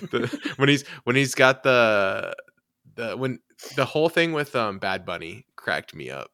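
A man hosting a casual movie podcast, animated and laughing often, restarting his sentences. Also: mid-range voice, a little slow, no echo, clean studio sound. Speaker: podcast host.

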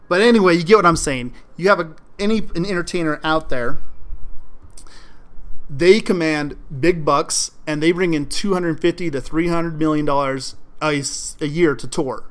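A man hosting a solo sports podcast, talking in an animated, emphatic way and mocking fans' complaints. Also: on the high side, moderate pace. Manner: animated, emphatic, mocking quoted fans in exaggerated voices. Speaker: podcast host.

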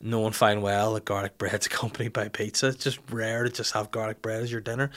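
A man's voice: lowish voice, flat delivery, fast talker, hardly any pauses. A man, telling a rambling, jokey, self-mocking story in casual chat. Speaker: podcast host telling an anecdote.

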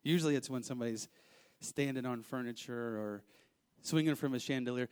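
A married man preaching a sermon, reading scripture verse by verse and commenting in an animated way that rises to emphatic outbursts. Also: mid-range voice, brisk. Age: adult, married with children. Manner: animated, rising to emphatic outbursts, acts out voices.

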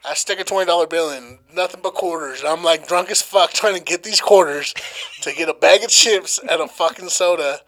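Young guy cussing thru a crazy story, kinda high voice, casual podcast. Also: a little fast, low-quality recording. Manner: profane, animated storyteller. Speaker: podcast co-host.

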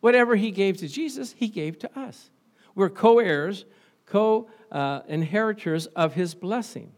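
A man preaching a sermon as pastor, animated, rising to excited exclamations and calling out for responses from the congregation. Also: high-pitched, measured pace.

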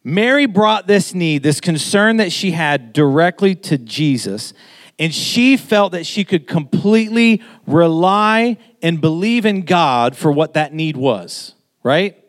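A man in his thirties preaching a sermon in a casual, conversational way, getting animated as he makes his point. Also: a little high, takes it slowly.

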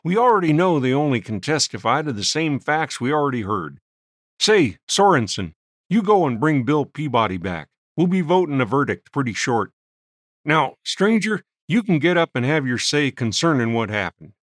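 A man voicing a gruff, domineering frontier miner acting as judge, speaking bossily. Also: fairly high pitch, sing-song, moderate pace, fairly bright tone, no room sound, studio quality, pitched above the performer's own voice. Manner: gruff, bossy.

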